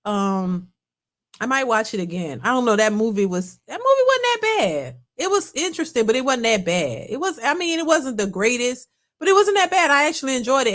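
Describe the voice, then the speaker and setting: A woman's voice: a little high, fairly bright tone. Chatty rambling woman livestream host. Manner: rambling, talks to viewers as y'all, reads super chats. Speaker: reaction channel host. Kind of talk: casual livestream chat.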